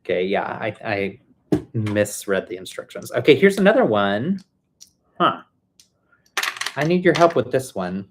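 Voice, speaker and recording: A man hosting a casual livestream from home, chatting and thinking out loud as he builds and answers viewers. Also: on the low side, big pitch swings, unhurried, pauses often, noisy background. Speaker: livestream host building toy sets. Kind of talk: casual live chat while building.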